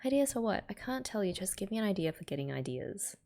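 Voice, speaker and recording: A woman's voice: medium pitch, big pitch swings, fast talker, mellow, pitched above the performer's own voice. An Australian woman voicing a restless, fragile young androgynous gem from a comic, pleading and sulky.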